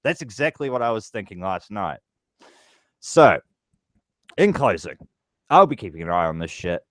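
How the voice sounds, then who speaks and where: A man's voice: sits low, big pitch swings, unhurried, fairly bright tone, dry recording, low-quality recording. A man vlogging a heated, profane political rant straight to his viewers. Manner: angry, profane ranting.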